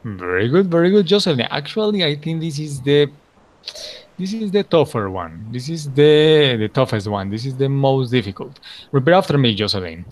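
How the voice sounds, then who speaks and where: A male English teacher leads a pronunciation drill in a mid-range voice. He is encouraging and praises often, then sounds words out slowly for the class to repeat. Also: medium pitch, sing-song.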